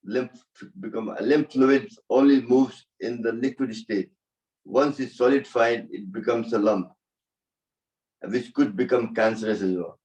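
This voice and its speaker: A man's voice: medium pitch, steady tone, a little slow, darkish tone, distant mic, lo-fi sound. A man leading a yoga class, giving short spoken cues in loose, non-native English phrasing. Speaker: yoga instructor. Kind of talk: guiding a laughter yoga class.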